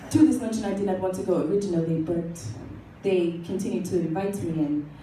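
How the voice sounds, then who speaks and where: A woman's voice: fairly low pitch, background noise. A woman comic playing a glamorous older star in a live stand-up act, telling her story in a dry, mock-haughty way. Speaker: comic performing a historical figure. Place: small coffee bar, live show. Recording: roomy live room, mic from far.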